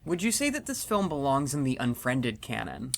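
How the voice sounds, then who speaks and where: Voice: mid-range voice, big pitch swings, moderate pace, gravelly. A co-host playfully quizzing a friend about a movie in a casual chat. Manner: playful interviewer, short reactions. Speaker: podcast co-host asking questions.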